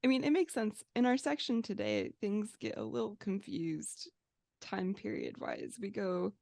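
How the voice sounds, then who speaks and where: A woman's voice: medium pitch, huge pitch swings, unhurried, creaky, darkish tone, no echo, clean studio sound. A woman co-hosting a book podcast. She makes wry jokes and explains ideas. She studied English. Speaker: podcast co-host. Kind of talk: casual podcast chat.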